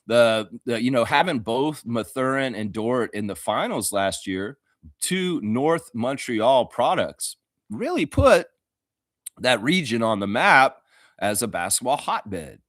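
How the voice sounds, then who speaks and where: A young man hosting a casual fan show, excitable, laughing often and mimicking others in high squeaky voices. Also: takes it slowly, no room sound, clean studio sound. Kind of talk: casual fan talk stream.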